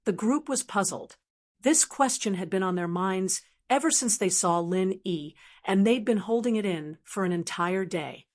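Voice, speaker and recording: A woman narrating a translated fantasy novel as an audiobook in an even, steady storytelling manner. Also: medium pitch, normal speed. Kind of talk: scripted narration.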